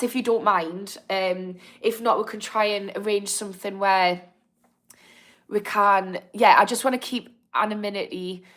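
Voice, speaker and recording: A woman's voice: mid-range voice, fairly bright tone. Chatty Northern English woman. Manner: chatty, apologetic, encouraging, laughs easily. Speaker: livestream host. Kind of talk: casual live chat reading comments.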